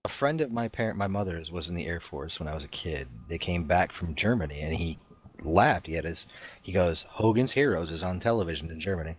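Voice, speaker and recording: A man's voice: low voice, expressive, a little fast, husky. A middle-aged man co-hosting a talk show, chatting casually in a rambling, chuckling way. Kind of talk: casual chat.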